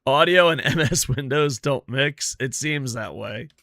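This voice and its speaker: A man's voice: mid-range voice, a little slow, gravelly, bright, forceful tone, dry recording, studio quality. A man streaming a football game, chatting casually with lots of swearing and grumbling about his stream tech. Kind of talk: casual gameplay chat.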